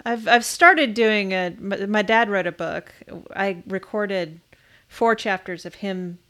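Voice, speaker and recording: A woman's voice: mid-range voice, takes it slowly, a bit bright. A woman from South Dakota co-hosting a podcast, chatting casually and playfully. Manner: chatty, playful, laughs easily. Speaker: podcast co-host. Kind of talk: casual interview chat.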